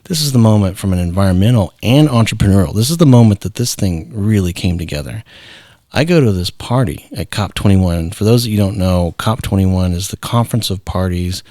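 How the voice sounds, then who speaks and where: Guest spot: middle-aged man, very low voice, lively storyteller, dry close mic. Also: dry recording. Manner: animated storyteller acting out quoted voices. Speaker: guest, founder and artist. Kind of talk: casual storytelling interview.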